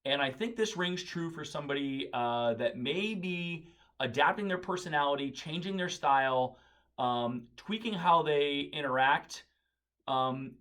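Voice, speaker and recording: A man's voice: fairly high pitch, fairly bright tone. A man hosting a daily positive quote video, speaking casually and thinking aloud, often searching for words and correcting himself. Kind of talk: casual spoken monologue.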